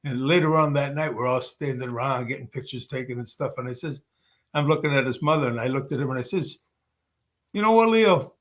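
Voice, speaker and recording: An actor, a guest on a webcam call, tells casual anecdotes at a fast clip. His voice is medium in pitch and steady in tone. He rambles, filling his talk with many fillers and restarts.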